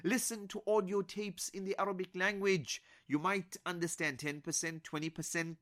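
A man teaching an Arabic grammar lesson, repeating each example slowly and then translating it, with short words of praise in between. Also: high voice, little pitch movement, fairly bright tone.

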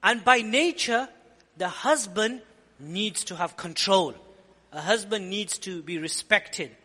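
Bright-voiced male preacher in a reverberant hall. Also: high voice, takes it slowly, breathy edge. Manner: earnest, explanatory, repeats phrases for emphasis. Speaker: Islamic preacher. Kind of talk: sermon lecture.

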